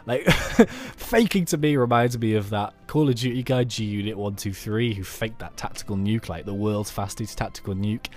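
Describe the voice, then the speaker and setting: In a lowish voice at a moderate pace, a UK man hosts a YouTube let's play, offering casual gameplay commentary. He's chatty and animated, rambling off on asides, with soft background music playing.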